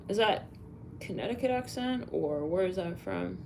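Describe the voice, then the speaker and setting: A woman's voice: mid-range voice, expressive, moderate pace, background noise. A woman doing a live psychic reading, musing aloud, spelling out letters and names, with sighs and fillers. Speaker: psychic reader.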